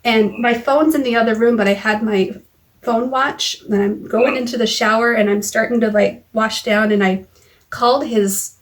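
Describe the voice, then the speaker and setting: A woman vlogging into her phone, recounting a frightening argument in a halting way, with many restarts and quoted lines of dialogue. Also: fairly high pitch, fairly even intonation. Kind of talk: personal recap vlog. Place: car or home.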